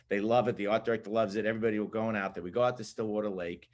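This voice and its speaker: Animated man telling a work story. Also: fairly low pitch, rapid-fire, few pauses. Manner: animated, lively storyteller who laughs at his own story. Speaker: photographer recalling his assisting days. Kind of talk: casual storytelling in a group chat.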